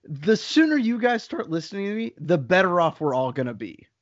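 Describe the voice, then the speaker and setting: A man's voice: high-pitched, very animated, a little fast. A man co-hosting a podcast in casual chat who talks in a jokey, playfully defensive way. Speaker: podcast co-host. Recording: muffled lo-fi podcast audio.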